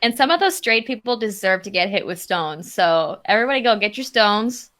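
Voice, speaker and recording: A woman's voice: mid-range voice, animated, a little fast, fairly bright tone. Teasing, laughing female podcast co-host. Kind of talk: casual chat.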